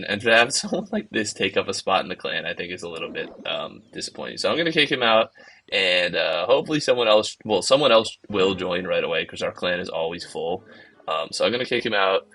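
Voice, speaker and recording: A man's voice: low-pitched, expressive, quick pace, sharp tone, rough recording. A man hosting gameplay commentary, telling a story in a casual, exasperated way with lots of fillers. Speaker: game channel host.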